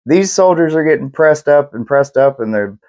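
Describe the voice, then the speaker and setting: A young man co-hosts a podcast, narrating history casually with rambling asides, profanity, and acted-out quotes. His fairly high voice has lively intonation, a darkish tone, and a moderate pace. The recording is muffled.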